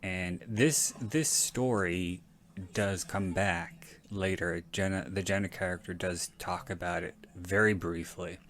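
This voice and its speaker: Man, unhurried delivery, casual movie commentary, rambling, blunt, self-correcting. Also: deep voice, fairly even intonation, fairly bright tone. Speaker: podcast host.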